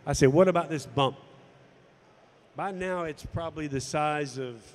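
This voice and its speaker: A man tells a personal story, acting out each exchange with lively energy. His voice sits a bit high for a man. The sound carries a long reverb tail. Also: unhurried. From United States. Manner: animated storytelling, acting out dialogue. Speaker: golf instructor and former tour pro. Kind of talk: personal story told to camera.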